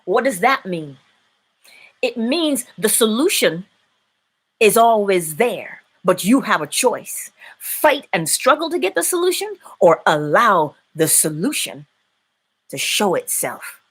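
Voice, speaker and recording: A woman hosting a live-stream inspirational talk, preaching in an animated way and laughing often. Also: medium pitch, slow, husky. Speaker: inspirational speaker and host.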